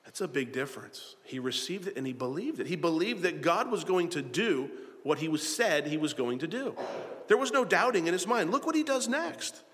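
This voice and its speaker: A man's voice: fairly high pitch, expressive, moderate pace, a bit bright. A man preaching a sermon as pastor, earnest and plain-spoken, often repeating his phrases and acting out quoted voices. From South Florida. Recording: hall reverb.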